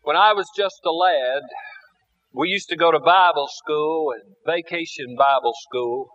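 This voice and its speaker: Slow, high-voiced preacher telling a story. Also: male voice, fairly bright tone. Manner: slow, deliberate storytelling with dramatic pauses. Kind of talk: storytelling sermon. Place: church. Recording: dull lo-fi 2002 church recording.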